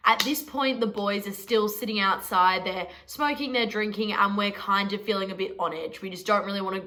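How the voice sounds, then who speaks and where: A woman's voice: medium pitch, brisk, sharp tone. A young Australian woman telling a story to camera in a chatty, sweary, self-mocking vlog. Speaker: vlogger.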